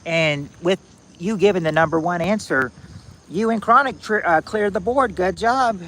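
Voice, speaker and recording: A man's voice: high-pitched, fairly bright tone, poor audio. Man hosting a trivia livestream outdoors. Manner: halting and repetitive, restarting phrases, drawling out answers. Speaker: livestream game host. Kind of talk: casual livestream hosting, reading chat answers aloud. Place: outdoors at night in the wind. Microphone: phone.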